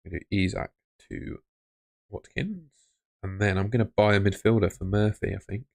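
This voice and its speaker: A man's voice: on the low side, steady tone, moderate pace, gravelly, darkish tone, no room sound. A young man hosting a live stream, chatting casually and muttering to himself as he sorts things out on his phone. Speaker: livestream host.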